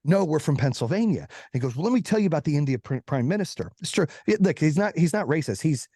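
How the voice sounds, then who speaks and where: A man's voice: fairly high pitch, lively intonation, dark tone, breathy edge, dry recording, studio quality. A man, a podcast guest, tells a long personal story in casual, profane talk and acts out the quotes of the people in it. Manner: profane, fast-moving anecdote with acted-out quotes.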